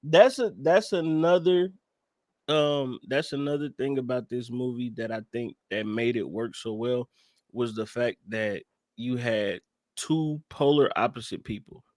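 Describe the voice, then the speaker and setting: A man's voice: mid-range voice, measured pace, a little mellow, no room sound, studio quality. A man co-hosting a casual movie podcast, talking emphatically and with lots of profanity. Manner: emphatic, profane, keeps saying "you know what I'm saying". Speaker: podcast co-host. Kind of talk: casual movie-review chat.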